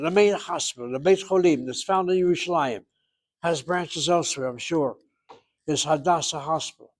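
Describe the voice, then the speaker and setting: A man teaching a Hebrew class, explaining pronunciation and slowly repeating words for students to copy. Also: a little high. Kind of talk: classroom lecture.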